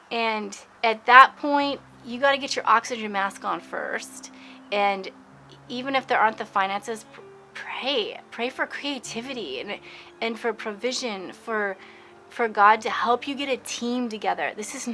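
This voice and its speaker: A woman's voice: a little high, pushed and bright, slight background noise, poor audio. A middle-aged woman giving earnest personal advice to the camera, encouraging and faith-filled, often restarting her phrases. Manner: speaks in short bursts, restarting phrases. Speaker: lifestyle vlogger.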